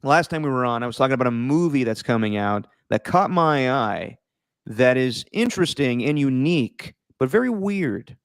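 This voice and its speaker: A man co-hosting a casual podcast chat, animated and mocking, tossing in quick impressions. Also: medium pitch, smooth, no echo, studio quality. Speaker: podcast co-host.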